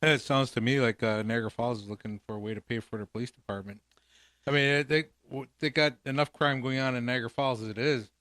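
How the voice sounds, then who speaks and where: A man co-hosting a political talk show, with a mid-pitched voice that keeps to an even middle register. He talks quickly and drops short remarks of agreement. The recording is dry and close. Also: dry recording.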